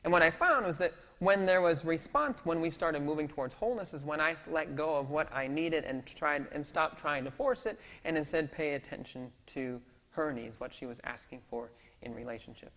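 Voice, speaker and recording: A man pastor telling stories in a sermon, lively and acting out the dialogue. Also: fairly high pitch, normal speed, hardly any pauses. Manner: storytelling, animated, acts out dialogue. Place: church sanctuary. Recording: long hall reverb in a church.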